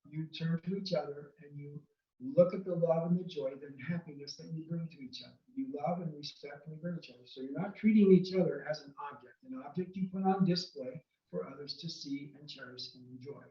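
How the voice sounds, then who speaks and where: A man's voice: a little high, fairly quick, reverberant, recorded from a distance, highs cut off. A man giving earnest, casual marriage advice from home, often checking in with "okay?". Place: home room near a window.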